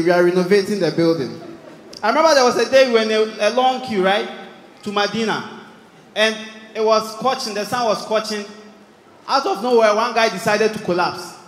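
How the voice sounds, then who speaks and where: A man doing stand-up comedy with a Ghanaian accent, animated and shouting his punchlines while acting out characters. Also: high voice, slight background noise. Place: live stage before an audience. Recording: echoey hall, loud crowd.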